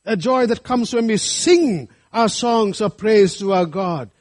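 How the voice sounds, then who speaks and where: A man's voice: high voice, animated, a little slow, a little mellow. A man preaching a sermon, earnest and rising to fervent appeals to his congregation. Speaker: pastor.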